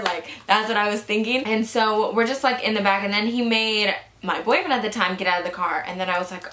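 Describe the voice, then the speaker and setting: A young woman tells a storytime tale to her camera in a bright, forceful voice, swearing freely and saying "like" constantly. The room rings with a noticeable echo. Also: medium pitch, steady tone, brisk, hardly any pauses. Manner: chatty, swears freely, many "like" fillers. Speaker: vlogger. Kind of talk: casual storytime narration. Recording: echoey room.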